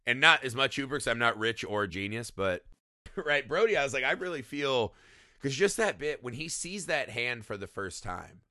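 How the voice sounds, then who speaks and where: In studio-quality audio with no room sound, a man co-hosting a podcast chats about movies at normal speed in a medium-pitched voice. His talk is casual, profane, and animated, and he repeatedly adds "right?" to his sentences.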